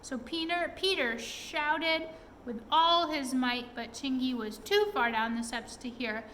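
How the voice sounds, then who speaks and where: Storyteller: woman reading a children's book aloud, expressive, voice high-pitched. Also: measured pace, a little hiss or hum, low-quality recording. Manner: expressive, asks listeners questions.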